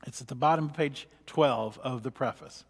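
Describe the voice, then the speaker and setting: A man's voice: mid-range voice, moderate pace. A man, a pastor, teaching a church book study in a rambling, conversational way with many fillers. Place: church hall. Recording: long church-hall reverb.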